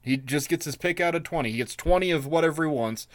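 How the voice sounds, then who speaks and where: A man's voice: on the high side, quick pace. A man co-hosting a podcast, casually retelling an epic with jokes, swearing and lots of fillers. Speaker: podcast co-host. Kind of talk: casual chat.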